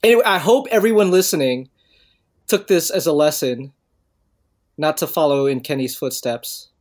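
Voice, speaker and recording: A man's voice: a little high, moderate pace. A man co-hosting a podcast in casual chat, teasing his partner with laughs and hesitant fillers. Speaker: podcast co-host.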